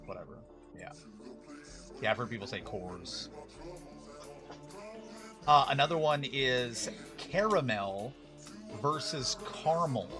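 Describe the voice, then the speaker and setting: A man's voice: medium pitch, big pitch swings, unhurried, a bit bright, soft background music. A man hosting a live card-break stream, chatting casually and arguing his opinions with lots of restarts. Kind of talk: casual livestream chat.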